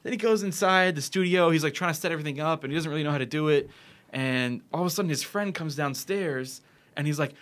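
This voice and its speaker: A man telling a story as a podcast guest, acting out quoted lines with animated energy. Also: on the high side, quick pace.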